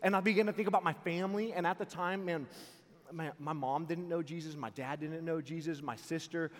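A young man giving a youth camp sermon, telling a personal story with loud jokes and hushed earnest parts. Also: on the high side, steady tone, brisk. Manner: acts out voices in quotes, repeats words. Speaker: camp speaker. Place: large camp auditorium. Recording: long hall reverb.

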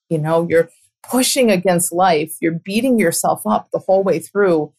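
Earnest, reflective woman, lower voice. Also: moderate pace, slightly rough. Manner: earnest, reflective, with soft laughs. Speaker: podcast host and coach. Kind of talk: conversational monologue.

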